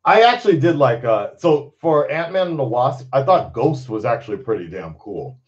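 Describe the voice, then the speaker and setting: A man's voice: medium pitch, sing-song, normal speed, muffled recording. A man hosting his own channel, chatting casually, rambling and swearing freely and breaking into laughter. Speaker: channel host. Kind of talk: casual livestream chat.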